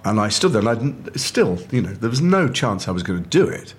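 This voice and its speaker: A middle-aged man from Liverpool, a guest actor telling animated stories over a meal and acting out quoted voices. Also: lowish voice, a little fast. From north of England, Liverpool. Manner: animated storyteller who acts out quoted voices. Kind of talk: casual chat over a meal. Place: restaurant table.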